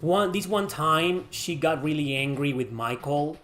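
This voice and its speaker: A man's voice: a little high, animated, measured pace, a bit bright, soft background music. A man casually answering chat questions on a livestream, rambling and swearing freely.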